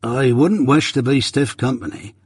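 A man doing a slow rustic blacksmith. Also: mid-range voice, a little mellow, slightly rough, dry recording, studio quality, lightly acted. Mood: plain. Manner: slow, meditative, rustic grammar. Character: kindly simple village blacksmith, slow and plain.

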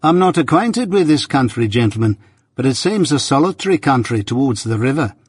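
A man's voice: mid-range voice, sing-song, a little fast, slightly rough, no room sound, clean studio sound. A man reading the part of a sly, secretive male stranger who asks probing questions.

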